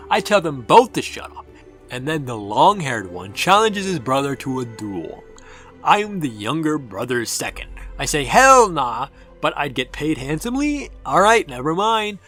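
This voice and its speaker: A man's voice: on the high side, fairly bright tone. Sarcastic man reviewing a game over music. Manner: sarcastic, exasperated ranting. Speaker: gaming video reviewer.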